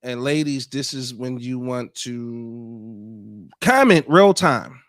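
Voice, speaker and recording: A man's voice: mid-range voice, lively intonation, takes it slowly, fairly bright tone. A man in a middle register hosts a podcast, talking loosely and swearing as he sets up and picks apart a video clip. His voice is recorded dry and close, with no room echo. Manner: loose, laughing, profane, restarts often. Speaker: podcast host. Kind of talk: casual commentary on a video.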